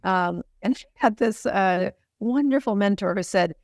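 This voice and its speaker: A middle-aged woman, a physician and podcast guest, telling stories in an animated way and laughing often. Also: lowish voice, moderate pace, no echo, studio quality. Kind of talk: storytelling in a podcast interview.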